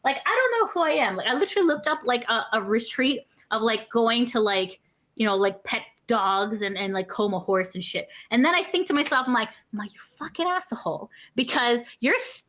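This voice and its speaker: A woman's voice: on the high side, brisk. A woman co-hosting a podcast, telling rambling, profane stories in casual chat. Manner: rambling, profane, animated storytelling. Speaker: podcast co-host.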